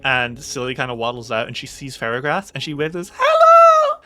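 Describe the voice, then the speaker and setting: A woman narrating as game master in a casual, animated, swearing way, wearing a headset. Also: extremely low pitch, quick pace. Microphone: headphones.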